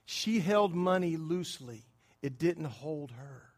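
A man preaching a sermon in a conversational way, often quizzing his congregation and swinging between hushed asides and loud emphatic bursts. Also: fairly high pitch, animated, slow. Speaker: pastor.

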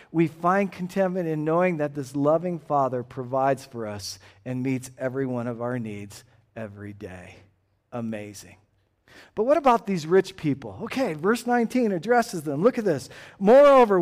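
High-voiced preacher swinging hushed to emphatic. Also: male voice. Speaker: pastor. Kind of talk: sermon.

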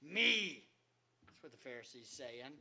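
A man's voice: very high-pitched, expressive, unhurried, sharp tone, highs cut off, a little hiss or hum. A male pastor preaching a sermon in a conversational, joking way, quizzing the congregation as he goes.

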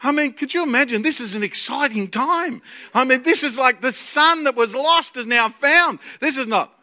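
A man with an Australian accent preaching a sermon, excitable and jokey, swinging from loud bursts to quiet asides. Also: very high-pitched, moderate pace. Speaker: preacher and Bible college teacher.

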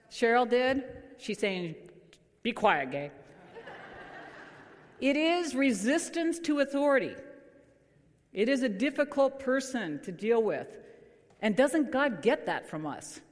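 A woman's voice: a little high, animated, a little slow, pauses often. Woman preaching in a reverberant church. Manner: conversational, quizzes the congregation with light humor. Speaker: pastor. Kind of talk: sermon. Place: church sanctuary. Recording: long church hall reverb.

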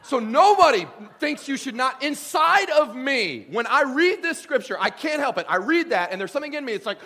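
A man preaching a sermon as pastor, joking and animated, swinging from loud lines to hushed ones. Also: very high-pitched, normal speed, few pauses.

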